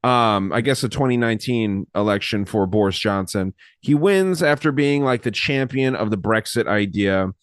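A man's voice: lowish voice, lively intonation, moderate pace, few pauses, no room sound, studio quality. A man hosting a casual podcast chat, rambling and swearing casually while reading from his notes. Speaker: podcast host.

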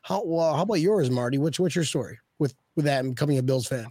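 A man's voice: on the high side, animated, fast, dark tone, dry recording. A man hosting a casual chat, playful and joking. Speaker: host.

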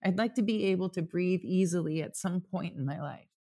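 Candid and long-winded, a man in his thirties rambles as a guest in a casual, heartfelt conversation, full of "like" and relaxed swearing, recorded in a home apartment. He talks a little fast, with a high-sitting voice and a dark tone.

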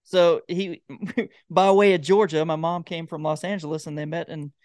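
Male guest, slightly high voice, halting casual talk. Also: steady tone, darkish tone, no echo, studio quality. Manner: halting, restarts often, laughs easily. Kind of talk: casual chat.

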